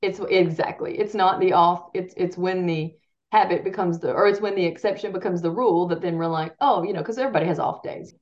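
A woman's voice: lowish voice, fairly quick, a little mellow. A woman parenting coach talking casually in an interview, rambling and restarting her sentences and laughing at herself. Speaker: parenting coach and podcast guest. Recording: dull lo-fi sound.

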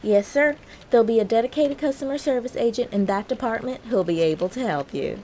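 A woman's voice: fairly high pitch, lively intonation, a little fast, warm tone, a little hiss or hum, natural voice. A woman playing a sassy female customer service agent with sugary phone politeness. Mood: polite.

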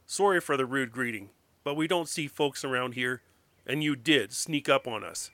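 A man voicing a gruff, guarded backwoods father who speaks tersely. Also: mid-range voice, normal speed, fairly bright tone, no room sound, lightly acted.

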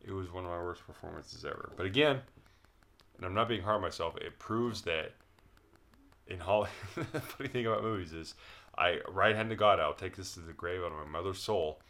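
A man's voice: sits low, a little fast, a bit bright. A man telling a rambling, laughing story in a casual chat, swearing freely.

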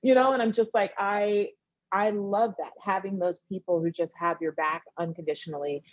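A woman in her thirties, a TV writer and director, talking casually as a guest and acting out her friends in sudden high-pitched bursts. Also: normal speed, dry recording, muffled recording. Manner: animated, acts out friends' voices in high bursts, laughs often. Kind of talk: casual conversation.

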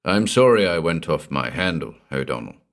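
A man reading a frightened, troubled young husband in an audiobook, with a low, subdued, muttering delivery. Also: expressive, normal speed. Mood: haunted, subdued.

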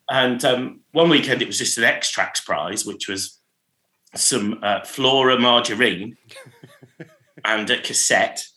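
A man's voice: medium pitch, slow pace, pauses often, pushed and bright. Chatty laughing man in a roomy room. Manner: laughs often, acts out callers and jingles. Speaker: radio programmer, podcast guest. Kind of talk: casual anecdotal chat.

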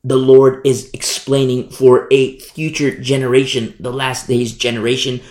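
A man's voice: medium pitch, flat delivery, normal speed, darkish tone, echoey room. A man preaching a Bible sermon in an emphatic, rhetorical way, often asking "you see?".

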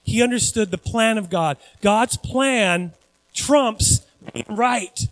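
High-voiced man preaching a lively sermon. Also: slow, no room sound, low-quality recording. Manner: animated, conversational preaching with asides to the congregation. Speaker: pastor.

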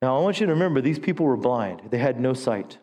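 A pastor preaching a sermon, calling for the congregation to answer and swinging between hushed stretches and rising appeals. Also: male voice, mid-range voice, very animated, quick pace. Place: church sanctuary. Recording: long hall reverb.

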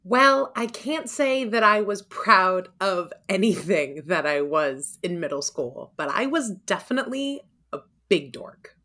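A woman's voice: mid-range voice, animated, a little slow, sharp tone. A woman in her thirties telling an earnest, self-deprecating personal story, then answering questions about it.

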